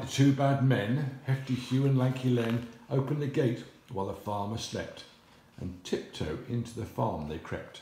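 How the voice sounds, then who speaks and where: A man's voice: mid-range voice, expressive, a little slow, a little mellow, reverberant, slight background noise. An older man, a grandfather, reading a rhyming picture book aloud in a sing-song way with animal noises.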